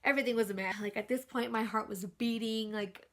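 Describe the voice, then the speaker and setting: A woman's voice: fairly high pitch, fairly even intonation, fairly quick, fairly bright tone. A young woman from California telling a personal story to her viewers, chatty and full of "like" fillers. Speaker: vlogger. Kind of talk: casual storytelling to camera.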